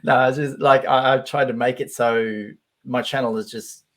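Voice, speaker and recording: A man's voice: mid-range voice, steady tone, moderate pace. An Australian man chatting as a guest YouTuber in a casual interview over a video call, laughing often and restarting his words.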